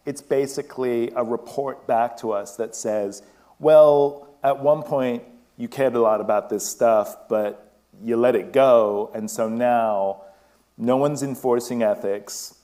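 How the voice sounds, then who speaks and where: A man's voice: medium pitch, takes it slowly, warm tone. A man with a British and West Indian accent giving a discursive public talk, restarting phrases and laughing often. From Britain. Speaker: guest speaker. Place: event stage before an audience.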